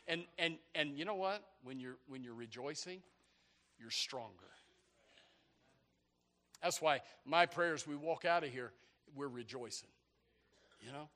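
Animated high-voiced preaching man. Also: moderate pace, pauses often. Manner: animated, repetitive preaching with rising shouts. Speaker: pastor. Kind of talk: sermon.

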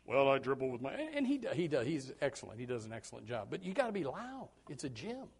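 In a fast, slightly rough voice that sits a little high and swings hugely in pitch, with some vocal fry, a pastor preaches. He jokes in a folksy way, goes quiet for asides, then shouts loudly, often repeating words as each thought starts.

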